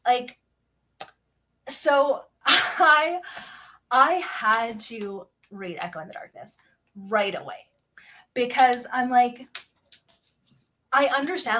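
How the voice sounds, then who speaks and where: A woman's voice: on the high side, takes it slowly, long pauses. Chatty young woman hosting a book livestream. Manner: chatty and excitable, many fillers, reads passages aloud. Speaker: book club livestream host. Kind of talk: casual livestream book discussion.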